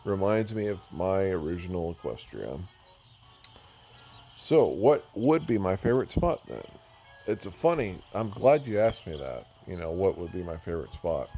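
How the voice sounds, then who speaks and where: A man's voice: deep voice, very animated, normal speed, mellow, faint music behind. A man giving casual, rambling commentary while touring a game world, joking at himself and going off on tangents. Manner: rambling, self-mocking, easily sidetracked. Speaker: gamer touring a build.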